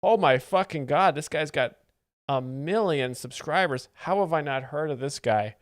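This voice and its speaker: A man's voice: fairly high pitch, lively intonation, normal speed, no echo, clean studio sound. A man hosting a live stream, giving wry, chatty commentary on clips. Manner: wry, chatty, amused asides. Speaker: host explaining jokes. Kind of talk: casual reaction commentary.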